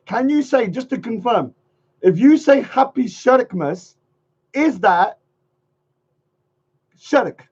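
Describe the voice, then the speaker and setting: A man with a fairly high voice chats casually to his livestream audience, rambling and circling back to the same phrases. The sound is muffled and lo-fi, like typical stream audio. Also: expressive, takes it slowly, long pauses, a little mellow, breathy edge. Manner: rambling, repeats phrases, chuckles often. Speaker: livestream host.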